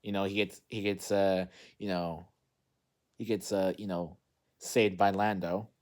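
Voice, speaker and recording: A man's voice: low voice, little pitch movement, measured pace, darkish tone. A man casually recapping a movie in a rambling, unscripted way, full of fillers and restarts. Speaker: movie vlogger.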